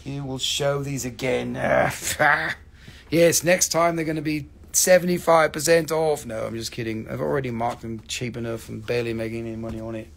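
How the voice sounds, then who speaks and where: Gravelly joking rock seller man. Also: medium pitch, moderate pace, a little hiss or hum. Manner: joking, profane, animated. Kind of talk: live sales stream, casual chat.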